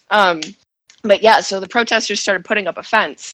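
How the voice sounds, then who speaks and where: A shaken woman giving an emotional first-person account as a guest, halting and restarting, with nervous laughs. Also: medium pitch, a bit bright, dry recording, rough recording. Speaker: guest recounting events.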